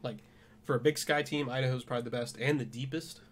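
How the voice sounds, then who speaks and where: Young male podcast co-host, mid-pitched, dry wit, faint background noise. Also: fairly even intonation, fast talker. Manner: dry jokey asides. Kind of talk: casual sports chat.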